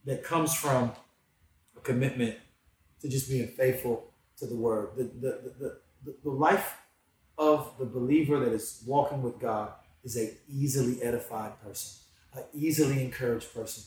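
A man talking casually about faith in slangy speech, dropping into hushed reflection and then rising into excited preaching. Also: mid-range voice, normal speed. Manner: casual slang, calls listener bro. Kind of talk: casual faith podcast chat. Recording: echoey room, distant from mic, faint background noise.

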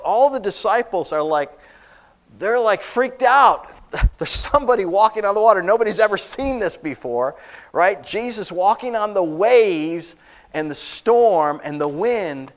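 A man with a fairly high voice preaches from the pulpit. He retells a Bible story with animated, conversational asides and acts out the characters' lines. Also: normal speed. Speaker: pastor. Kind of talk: sermon.

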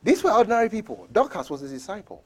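A man preaching a sermon, telling stories with sudden loud bursts and hushed near-whispers, chuckling between points. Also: high voice, fast talker. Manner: animated storytelling, swings from loud shouts to near-whispers. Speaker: pastor.

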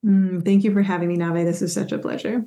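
A woman's voice: lowish voice, fairly even intonation, fast talker, dark tone. A woman guest on a radio show, an executive coach, giving details in a friendly, practical way. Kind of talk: casual interview talk.

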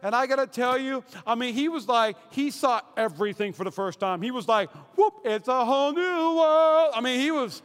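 Man, pastor, high voice, animated storytelling sermon, echoing church hall. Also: a little fast, hardly any pauses. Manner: energetic storytelling with shouted asides and acted quotes. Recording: roomy hall reverb.

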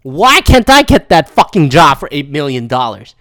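A man's voice: a little high, sing-song, normal speed, a bit bright, slight background noise. A man from Philadelphia hosting a solo podcast, ranting profanely and animatedly and laughing between thoughts. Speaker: podcast host.

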